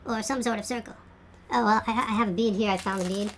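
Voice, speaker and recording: A woman's voice: medium pitch, steady tone, fast, a little hiss or hum. A woman art teacher giving a craft tutorial, chatting and thinking aloud as she works.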